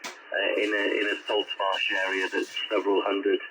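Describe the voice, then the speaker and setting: A man chatting on a ham radio contact, speaking in a measured, halting way full of fillers. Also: fairly low pitch, completely flat delivery. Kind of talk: casual radio contact chat. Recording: dull radio audio with faint noise.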